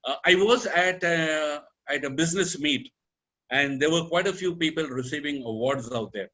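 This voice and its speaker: A man's voice: a little high, normal speed, fairly bright tone. A man giving casual advice on public speaking, talking conversationally and correcting himself as he goes. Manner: conversational, with fillers and self-corrections.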